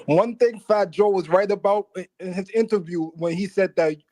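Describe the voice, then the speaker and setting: A man's voice: sits high, moderate pace, a little mellow, no room sound. A man with a New York accent calling in to a livestream, arguing his point in an insistent, repetitive, defensive way. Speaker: caller. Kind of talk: call-in argument.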